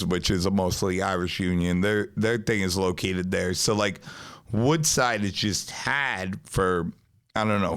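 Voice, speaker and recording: A man with a New York accent telling a long story on a podcast in a casual, profane, animated way. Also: lowish voice. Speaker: pizzeria owner, podcast guest. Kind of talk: casual chat.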